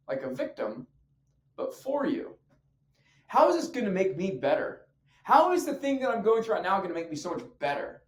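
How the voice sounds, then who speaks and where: Male fitness coach, punchy slangy pep-talk delivery, lively pitch swings, roomy echo. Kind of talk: motivational talk to camera. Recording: echoey room.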